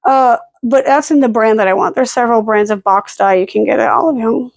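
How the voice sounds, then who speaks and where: A woman with a fairly high voice rambles through a casual home vlog, peppering every thought with "like" and "um" and making wry jokes at her own expense. The sound is dry and close, with no room echo. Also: a little fast, creaky. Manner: rambling, self-deprecating, with frequent "like" and "um" fillers. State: hiccuping and burping. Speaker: vlogger. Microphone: camera held at arm's length.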